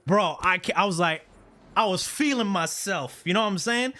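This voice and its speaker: Streamer in his thirties from Canada, fairly high and very bright voice, loose slangy storyteller who swears a lot. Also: moderate pace. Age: 30s. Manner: animated, slangy, profane, repeats "right?". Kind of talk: casual storytelling to chat.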